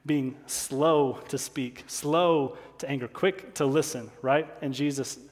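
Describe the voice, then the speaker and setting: A man's voice: mid-range voice, fairly even intonation, slow pace, long reverb tail. A male pastor preaching a sermon, driving points home by repeating key lines and asking rhetorical questions.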